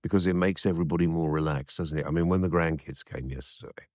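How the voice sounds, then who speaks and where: Deep-voiced older man, halting chat. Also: a little mellow, dry recording, clean studio sound. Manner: hesitant, joking, full of fillers. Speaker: podcast co-host. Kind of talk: casual chat.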